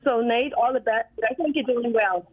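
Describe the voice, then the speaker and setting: A woman's voice: on the high side, moderate pace, lo-fi sound, crowd noise. A woman calling in to a live show, friendly and a little hesitant. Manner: friendly, hesitant, praises the guest host. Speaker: caller.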